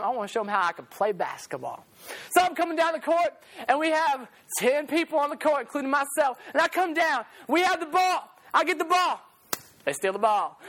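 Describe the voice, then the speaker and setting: Brief: young male youth preacher, fairly high voice, loose and animated storytelling. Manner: animated, laughs often, slangy asides. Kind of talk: casual storytelling sermon.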